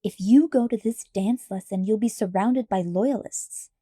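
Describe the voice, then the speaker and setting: A woman's voice: medium pitch, a little slow, dark tone, no echo, studio quality, close to an everyday voice. A woman voicing an earnest young male apprentice in a storybook reading, insistent and indignant.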